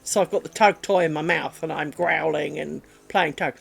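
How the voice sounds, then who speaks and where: A woman streaming while she crafts at home, chatting in a rambling way and dropping to a soft, low voice when she talks to her dogs. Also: normal speed, gravelly, husky. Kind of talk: casual chat while crafting.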